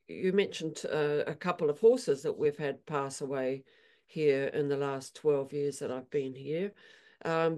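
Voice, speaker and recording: A woman equine therapist telling animated stories in an interview, acting out her horses' voices. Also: low-pitched. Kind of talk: storytelling in an interview.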